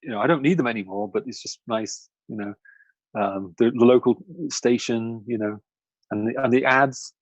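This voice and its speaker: Man, casual podcast chat, rambling, laughs often, middle pitch, dry close sound. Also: moderate pace, no echo, highs cut off. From outside America, lived in Chicago. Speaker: podcast co-host.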